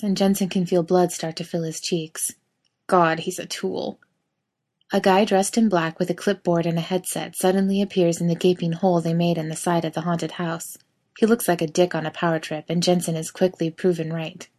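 Woman narrating a story, lower-pitched. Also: flat delivery, normal speed, a little mellow. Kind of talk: story reading.

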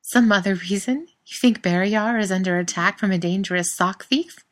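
A woman voicing a dry-witted adult wife and mother who speaks in a teasing, wry way, a little higher and louder than her narration. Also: moderate pace, natural voice. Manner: teasing, wry, raised brighter delivery.

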